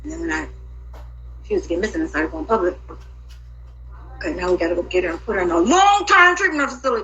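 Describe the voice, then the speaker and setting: A woman in an emotional personal monologue, talking in an agitated, profane and rambling way with sudden loud outbursts. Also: medium pitch, sing-song, fast talker, long pauses, low-quality recording.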